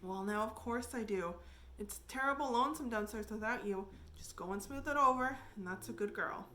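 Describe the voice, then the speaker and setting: Lady reading a shy old farmer guy, gentle coaxing, bright voice. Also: a little high, moderate pace.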